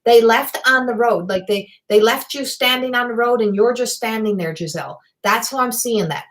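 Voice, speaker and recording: A middle-aged woman, giving a live psychic reading in a rambling, excitable way and swearing freely. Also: fairly high pitch, normal speed. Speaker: psychic medium.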